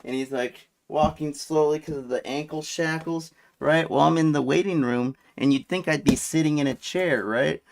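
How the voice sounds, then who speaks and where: A man's voice: a little high, normal speed, creaky, hardly any pauses, noisy background. A man rambling through a story in a casual vlog, crude and trailing off mid-sentence. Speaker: vlogger. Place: desert near the border.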